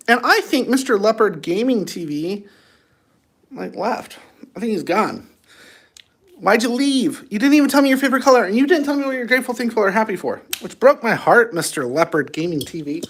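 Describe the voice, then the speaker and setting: A man's voice: high voice, fairly bright tone. A man hosting his own livestream, chatting to viewers in a playful, rambling way. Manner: playful, rambling, talks to chat. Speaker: livestream host. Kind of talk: rambling casual livestream chat.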